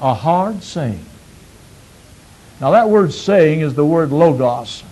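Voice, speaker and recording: A man preaching a sermon, asking his listeners questions and repeating phrases, swinging from loud emphatic peaks to quiet low asides. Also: animated, slow, slightly rough, rough recording.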